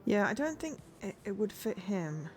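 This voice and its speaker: A woman's voice: medium pitch, big pitch swings, normal speed, a little mellow, faint music behind. A woman streamer chatting casually and rambling as she plays a game, laughing easily. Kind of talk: casual let's-play commentary.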